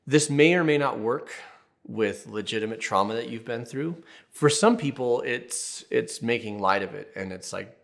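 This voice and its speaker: A man's voice: mid-range voice, expressive, normal speed, gravelly. Casual, joking male therapist. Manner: casual and candid, jokey asides, tells personal stories. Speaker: therapist, channel host. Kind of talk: advice video talking to camera.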